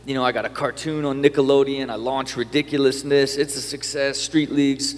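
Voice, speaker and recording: A man tells his story in a loose, animated way, swearing often and tripping over his own restarts. His pitch sits in the middle for a man. A long reverb hangs on his voice. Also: fairly quick. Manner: animated, swears a lot, many fillers and restarts. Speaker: podcast guest. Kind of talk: casual interview storytelling.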